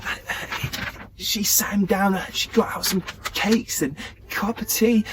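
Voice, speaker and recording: Chatty storyteller, man, fairly high voice, for children's church. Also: a little slow, noisy background. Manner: lively, chatty with fillers.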